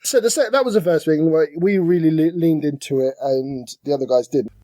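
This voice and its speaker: A man's voice: a little high, brisk, dry recording. A man co-hosting a podcast, chatting casually about board games and slipping into silly voices now and then. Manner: animated, slips into silly put-on voices. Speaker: podcast co-host.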